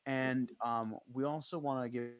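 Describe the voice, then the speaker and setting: A man runs a tabletop game as game master, talking casually and filling pauses with ums. His voice sits at a middle pitch and sounds dry and close. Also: fairly even intonation, smooth, dry recording. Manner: casual, many fillers.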